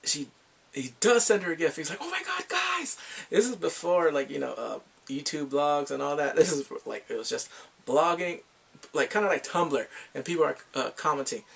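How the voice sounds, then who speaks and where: A man giving a casual, rambling movie review, laughing often and acting out quotes in high voices. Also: normal speed, creaky, slightly rough.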